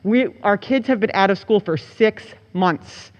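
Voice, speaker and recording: High-pitched man making an impassioned plea, reverberant and muffled recording. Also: lively intonation, unhurried, few pauses. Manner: impassioned, begging. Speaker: parent giving public comment. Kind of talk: public comment at a board meeting. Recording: dull audio with long hall reverb.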